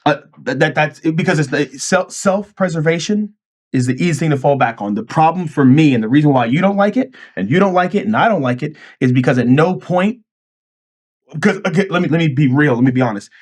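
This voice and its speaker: A man's voice: a little high, lively intonation, brisk. A man hosting a podcast, talking in a profane, emphatic way and acting out quoted lines as he tells a story. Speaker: podcast host. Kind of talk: casual podcast chat.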